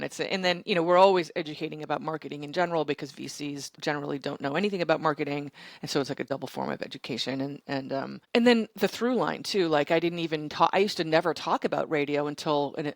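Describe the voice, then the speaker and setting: A middle-aged woman founder telling stories in an interview, animated and blunt, swearing and acting out other people's lines. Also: sits low, fast, vocal fry, hardly any pauses, dry recording. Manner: animated, profane, quotes others in raised voice. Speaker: startup founder and CEO, guest. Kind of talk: candid interview storytelling.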